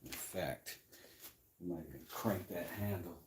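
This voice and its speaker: A man's voice: low-pitched, unhurried, noisy background. A man hosting a vlog, chatting casually to himself with joking asides while working on a desk in a workshop. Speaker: vlog host. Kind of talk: casual running commentary while woodworking.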